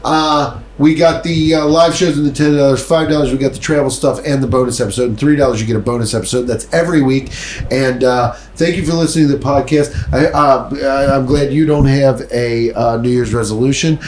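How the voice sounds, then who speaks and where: A man's voice: medium pitch, fairly even intonation, a little fast, darkish tone, reverberant, slight background noise. A man hosting a casual podcast, talking bluntly, swearing and plugging the show's support page. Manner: blunt, swearing, plugs the show. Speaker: podcast host. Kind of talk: casual chat.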